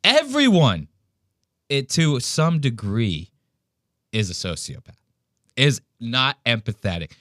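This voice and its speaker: Man, podcast host, blunt profane rant, bright forceful voice, dry close sound. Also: medium pitch, takes it slowly, long pauses, dry recording. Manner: blunt, profane, animated ranting. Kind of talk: casual commentary.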